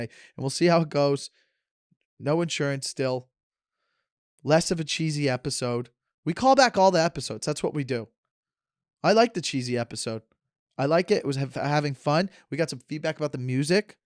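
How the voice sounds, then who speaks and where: A man's voice: fairly high pitch, dry recording, studio quality. A man in his thirties hosting a podcast, sarcastic and joking as he wanders from tangent to tangent in casual chat. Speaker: podcast host. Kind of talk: casual rambling monologue.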